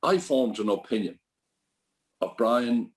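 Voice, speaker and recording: An Irish man quoting a lecturing consultant, barely changing his own low voice. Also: lively intonation, slow. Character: pompous male consultant lecturing staff.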